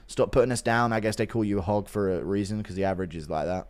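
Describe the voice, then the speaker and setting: A man's voice: lowish voice, fairly even intonation, quick pace, darkish tone. A man live-streaming, reading out donations and joking crudely, laughing often. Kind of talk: casual chat.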